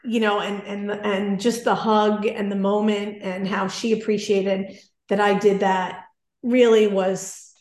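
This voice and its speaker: Animated woman storyteller in an echoey room. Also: medium pitch, slow. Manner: animated, self-deprecating, acts out dialogue. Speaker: guest telling a personal story. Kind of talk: conversational storytelling.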